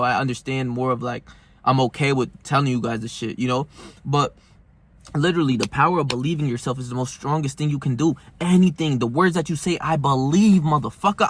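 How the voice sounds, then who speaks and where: A man's voice: medium pitch, fairly bright tone, no room sound. A young man talking straight to his viewers in a brash, slangy, profane way, getting heated as he goes. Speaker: self-help vlogger. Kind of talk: casual monologue to camera.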